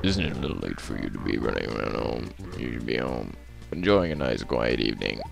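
A booming deep frog villager. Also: male voice, lively intonation, fairly quick, faint music behind, exaggerated voice. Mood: scolding. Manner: gruff, growls "grrr, ribbit" as a tic. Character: grumpy deep-voiced male frog villager.

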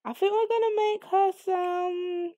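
A woman hosting a let's play, giving casual, excitable commentary on her game and cursing freely. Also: extremely high pitch, unhurried, dry recording. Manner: excitable, chatty, swears freely.

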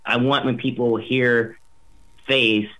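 This young voice actor, a guest in a casual interview, chats upbeat but rambles with plenty of fillers and restarts. His mid-range voice is a bit bright, flat and slow, captured on a low-quality recording.

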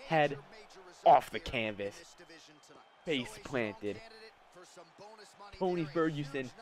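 A young gaming YouTuber provides live gameplay commentary in a fairly high voice, trash-talking his opponent, swearing and erupting into shouts.

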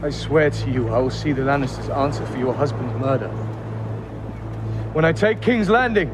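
A man's voice: medium pitch, expressive, normal speed, loud music behind the voice, natural voice. An actor playing an earnest young nobleman who speaks solemnly.

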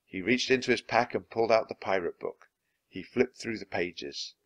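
A man reading a children's chapter book aloud in an expressive, animated way. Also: lowish voice, moderate pace. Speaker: audiobook reader.

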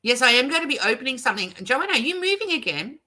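Very animated and fast, this high-voiced woman sounds bright and forceful. A middle-aged Australian, she hosts a casual live stream where she chats, reads viewers' comments aloud and laughs a lot.

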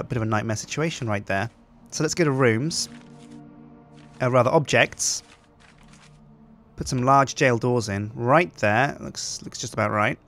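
A man's voice: medium pitch, fairly bright tone. Chatty man narrating gameplay. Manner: chatty, upbeat, thinks aloud. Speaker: host. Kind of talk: game commentary.

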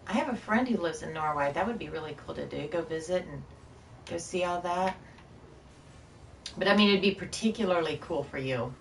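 A woman's voice: on the low side, animated, brisk, reverberant, recorded from a distance, a little hiss or hum. A woman streaming a game live, chatting loosely with viewers in a scattered, rambling way, short on sleep. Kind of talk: casual live-stream chat while gaming.

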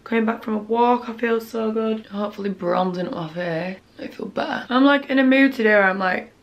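Chatty, creaky young woman. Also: fairly high pitch, moderate pace. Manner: chatty, candid, grumbling, often drops to a murmur. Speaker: vlogger. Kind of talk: casual vlog chat. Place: at home, bedroom.

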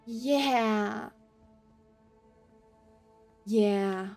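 A woman streaming a video game live, reacting with excitable, panicky commentary, laughing and swearing often. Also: mid-range voice, extremely slow, faint music behind.

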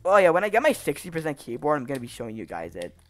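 A channel host narrating their own gameplay with a wildly swinging pitch. The commentary is frustrated and full of swearing, breaking into angry yells. Game music plays underneath. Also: big pitch swings, very fast, dry recording. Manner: frustrated, swearing, raging outbursts.

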